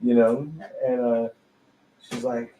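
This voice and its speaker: A man's voice: medium pitch, level tone, slow pace, dark tone, a little hiss or hum. Slangy laughing man telling a story. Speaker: tattoo artist telling a personal story. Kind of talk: casual storytelling chat. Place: tattoo studio during a live podcast. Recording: roomy echo, faint ambience.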